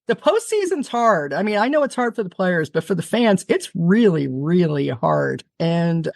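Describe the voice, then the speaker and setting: A woman guest on an interview podcast, telling a long story in an animated, fast-talking way, often restarting her sentences. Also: fairly low pitch, vocal fry, no room sound, clean studio sound. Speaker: television producer, guest.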